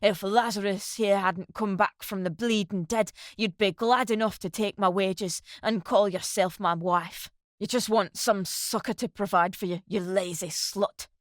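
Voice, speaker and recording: A woman voicing a jealous, furious sergeant husband who shouts coarse insults while short of breath. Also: mid-range voice, steady tone, unhurried, hardly any pauses, no echo, clean studio sound, lightly acted.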